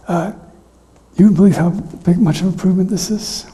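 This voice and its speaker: Hoarse, husky middle-aged pastor. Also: male voice, high-pitched, fairly even intonation, warm tone. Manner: emotional, halting, often drops to a whisper. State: weakened, hoarse voice. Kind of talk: sermon. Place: church sanctuary. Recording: reverberant church hall.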